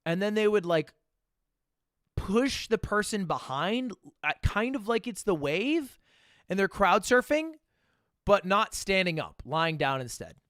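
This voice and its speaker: A young man tells a story to his stream in a casual, self-mocking way, swearing often. His voice sits a bit high and swings widely in pitch, jumping to loud bursts and dropping to low asides. The sound is close and dry. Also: sing-song, a little slow, dry recording.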